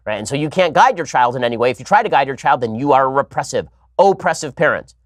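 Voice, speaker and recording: A man hosting a political talk show, delivering a rapid opinionated monologue full of sarcastic, mocking asides. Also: mid-range voice, animated, no echo, clean studio sound.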